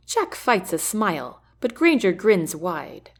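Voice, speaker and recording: A woman narrating a novel in the first person, with an expressive, varied reading. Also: fairly low pitch, slow pace. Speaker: audiobook narrator.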